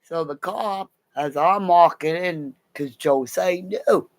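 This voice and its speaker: A woman's voice: fairly low pitch, slow, no room sound. A middle-aged woman telling rambling personal stories in a casual, profane way, laughing as she goes. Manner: animated, swears a lot, laughs mid-story. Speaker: storyteller.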